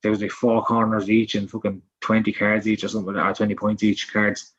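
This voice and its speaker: A man's voice: on the low side, flat delivery, fast talker. A man co-hosting a casual football podcast, rambling with lots of fillers and frequent swearing. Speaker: podcast co-host. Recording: dull lo-fi sound.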